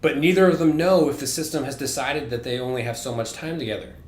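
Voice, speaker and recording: A man's voice: medium pitch, fast talker. A man co-hosting a casual chat podcast, retelling a story in a rambling way, swearing freely and leaning on "like" as he goes. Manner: profane, rambling storytelling full of "like". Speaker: podcast co-host. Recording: roomy echoey room.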